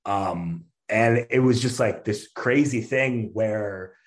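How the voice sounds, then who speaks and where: A stand-up comedian, appearing as a guest, tells a story in casual conversation with a lowish voice at a slow pace. He's an animated storyteller, packing in fillers and restarts, laughing often and acting out what people said.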